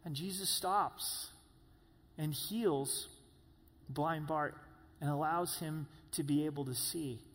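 A man preaching a sermon, who rises to loud high cries when he voices pleas. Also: takes it slowly, long pauses, big-room sound.

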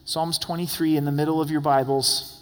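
A man's voice: fairly high pitch, level tone, a little fast. A male pastor delivering a sermon, reading scripture aloud verse by verse and addressing the congregation directly with light humor. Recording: long echoey hall reverb.

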